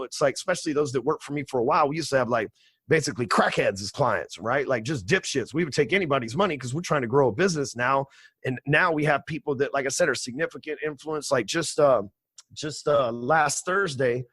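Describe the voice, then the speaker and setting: A man's voice: medium pitch, fairly bright tone, breathy edge, no room sound. A man in his forties, a podcast guest telling stories in a brash, profane, streetwise way. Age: 40s. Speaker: podcast guest, sales trainer. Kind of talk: casual storytelling interview.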